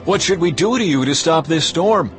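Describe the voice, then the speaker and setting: A man's voice: a little high, lively intonation, normal speed, faint music behind. A man voicing desperate male sailors pleading in a storm, reading from a dramatized scripture recording. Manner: urgent pleading shouts.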